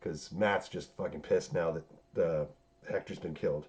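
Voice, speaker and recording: A man's voice: deep voice, fairly even intonation, a little slow, a little mellow. A man hosting a podcast in a loose, rambling chat, full of swearing and fillers. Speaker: podcast host recapping a TV series. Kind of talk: casual chat. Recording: dull lo-fi sound.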